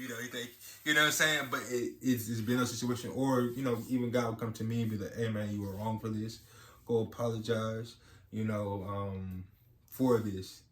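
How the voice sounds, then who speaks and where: A man's voice: lowish voice, fairly bright tone. A young adult man co-hosting a casual chat about marriage, talking in a rambling way full of "you know"s. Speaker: podcast co-host. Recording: echoey room with faint ambience.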